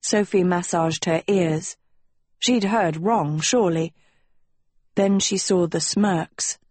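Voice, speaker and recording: A woman narrating a storybook in a measured, even way. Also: on the low side, husky, no echo. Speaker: audiobook narrator. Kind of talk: scripted narration.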